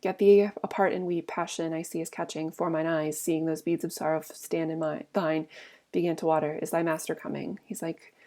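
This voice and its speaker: Gravelly low-voiced woman teacher. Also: little pitch movement, normal speed, mellow. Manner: reads lines then paraphrases in plain talk. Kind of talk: casual read-aloud lesson with paraphrase.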